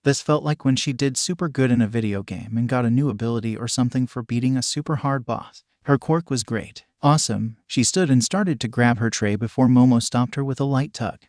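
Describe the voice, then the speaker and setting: A man narrating a fan story in a steady, even reading voice. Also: medium pitch, fairly quick, hardly any pauses, no room sound, studio quality. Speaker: fanfiction narrator.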